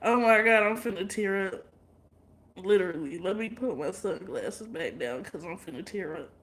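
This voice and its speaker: A woman's voice: medium pitch, animated, moderate pace. Blunt, profane woman in an echoey room. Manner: blunt, profane, laughs often. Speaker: livestream vlogger. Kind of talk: casual livestream chat with viewers.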